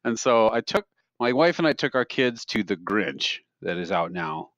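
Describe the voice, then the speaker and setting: This podcast co-host has a lowish, sing-song voice at normal speed, a bit bright, with no room sound. In casual chat he rambles through funny stories and frequently laughs at them himself. The mic sounds dry and slightly dull.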